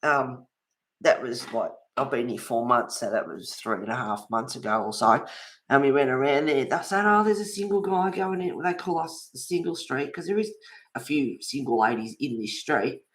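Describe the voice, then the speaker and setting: A woman's voice: rumbling low, moderate pace. A woman in her fifties or older chats as a livestream host while she colours. She tells gossipy stories and laughs often between them. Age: 50s or older. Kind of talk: casual chat while colouring.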